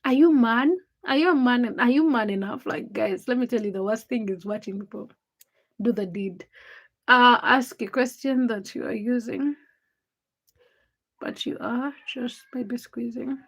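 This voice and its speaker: A woman's voice: fairly high pitch, a little slow, gravelly, husky, muffled recording. A tired young woman hosting a late-night livestream, teasing and chatting with viewers as she reads their comments by name. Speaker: livestream host.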